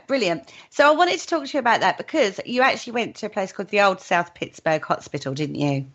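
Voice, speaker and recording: A woman's voice: a little high, big pitch swings, moderate pace, a bit bright. A British woman hosting a radio show, chatting cheerfully, giggling and poking fun at herself. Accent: British English. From United Kingdom. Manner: cheerful, giggly, self-deprecating. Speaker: host. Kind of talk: casual radio chat. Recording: slightly muffled sound.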